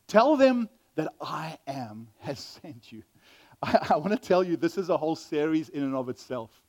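High-voiced man preaching with sweeping dynamics. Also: very animated, moderate pace. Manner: dramatic swings from loud exclamations to hushed, tender asides. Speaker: pastor. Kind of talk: sermon.

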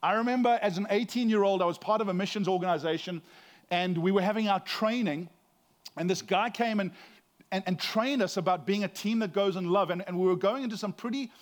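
A man's voice: sits high, brisk. A middle-aged man, a pastor, giving a conversational sermon with frequent restarts and a self-deprecating humor.

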